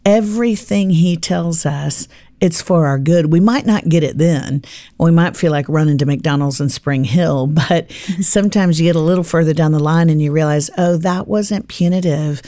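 A woman's voice: deep voice, normal speed, no echo, clean studio sound. A middle-aged woman on a faith podcast, chatting and telling family stories, acting out the dialogue. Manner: warm storytelling, acts out dialogue with her daughter. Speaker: podcast guest, author. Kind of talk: casual faith podcast chat.

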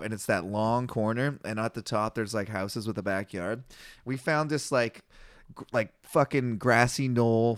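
A man's voice: mid-range voice, clear, resonant tone, dry recording, studio quality. A young man telling stories in casual chat, swearing freely, acting out quotes and laughing often.

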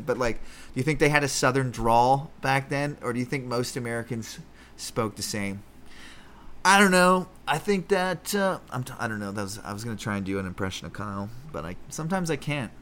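A man's voice: mid-range voice, very animated, a little fast, fairly bright tone. A man hosting a comedy podcast, chatting casually and rambling with lots of swearing and restarts. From Canada. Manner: profane, rambling, self-interrupting. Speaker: podcast host. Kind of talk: casual comedic Bible commentary.

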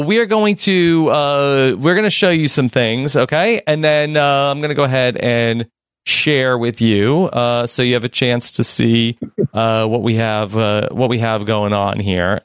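A man's voice: mid-range voice, steady tone, normal speed, clear, resonant tone, dry recording, studio quality. A man hosting a mock game show over a video call, rambling through his lines with lots of fillers.

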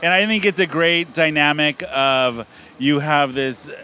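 A man's voice: fairly high pitch, measured pace, pushed and bright, a little hiss or hum. A man interviewing a guest, asking long, chatty questions in a casual way.

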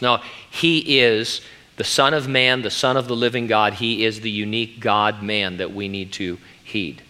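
A man's voice: lowish voice, moderate pace, pushed and bright. A middle-aged man who is a pastor, preaching an earnest, emphatic sermon.

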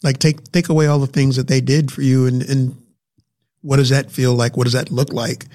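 A man's voice: medium pitch, flat delivery, moderate pace, a little mellow. A man speaking earnestly in a casual local talk, emotional and often repeating his words. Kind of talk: casual chat.

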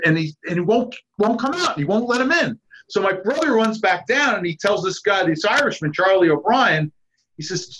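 A fairly high-pitched man in his fifties spins animated stories, acting out the people in them as he goes. The recording is dull and lo-fi, with the top end muffled. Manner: lively anecdotes with acted-out quotes and laughs. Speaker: guest, park founder's son. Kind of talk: animated storytelling.

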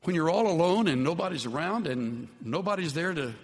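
A man preaching a sermon as pastor, earnest in tone and often dropping to soft, low words for emphasis. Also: lively intonation, brisk. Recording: long hall reverb.

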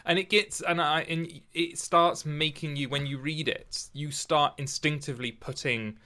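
Male co-host with a bright voice, thinking aloud in a casual literary chat. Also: fairly high pitch, fairly even intonation. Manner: halting, restarts often, thinks aloud. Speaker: podcast co-host discussing poetry.

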